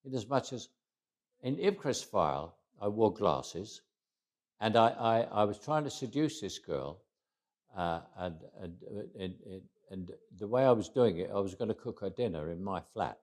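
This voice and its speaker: An older man with a Cockney accent talks through memories in an interview. His voice sits low, and he often chuckles and trails off quietly. He restarts phrases as he goes. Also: animated, moderate pace. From England. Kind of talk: reflective interview storytelling.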